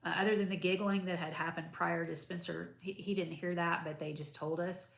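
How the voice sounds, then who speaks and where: Her lowish, gravelly voice moves fairly quickly in a reverberant space. The vlogger rambles casually to camera about recovering after surgery, retelling events with animation and lots of asides.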